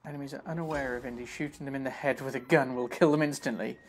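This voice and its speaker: A man's voice: mid-range voice, steady tone, fast talker, slight background noise. A man giving chatty, self-mocking live commentary while he plays a video game and talks to his viewers. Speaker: streamer playing a game. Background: game music.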